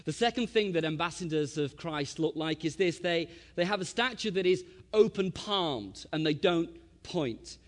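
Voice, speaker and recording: A man, preaching a sermon and telling a family story, swinging from loud to hushed. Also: a little high, expressive, normal speed, few pauses, long reverb tail.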